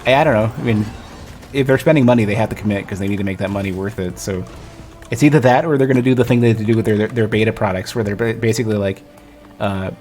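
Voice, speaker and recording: Rambling low-voiced man streaming games. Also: fast, darkish tone, soft background music. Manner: rambling, self-interrupting, lots of restarts. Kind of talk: casual gaming stream chat.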